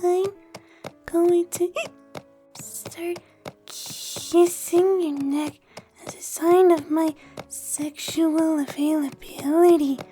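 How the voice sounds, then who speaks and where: Lady putting on a tipsy shy pony girl, way high pitched, dragging her words, faint music in the back. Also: fairly even intonation, warm tone, full character voice. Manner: slurred, drawn-out drunken drawl. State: drunk. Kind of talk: fan-fiction audio reading.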